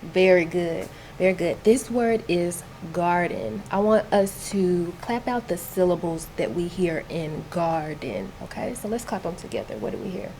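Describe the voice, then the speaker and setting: A woman's voice: on the low side, expressive, normal speed, few pauses, dark tone, a little hiss or hum. A woman tutoring a child in reading one-on-one, patient and encouraging, explaining words simply.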